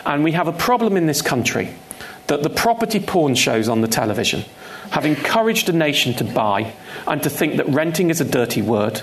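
A man with a fairly high, gravelly voice, talking at a live on-stage conversation. He is emphatic and presses his points by repeating them, in the manner of a consumer finance campaigner. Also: very animated, a little fast, a little hiss or hum.

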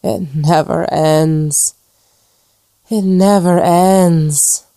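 A woman voicing a despairing woman ghost trapped for decades, with a slow, moaning, haunted delivery. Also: deep voice, mellow, no echo. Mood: anguished.

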